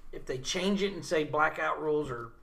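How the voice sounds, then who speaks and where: A man's voice: on the high side, normal speed, vocal fry, bright, forceful tone. A man on a casual podcast who jokes, swears and uses sarcasm. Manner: joking, crude, sarcastic. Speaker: podcast co-host.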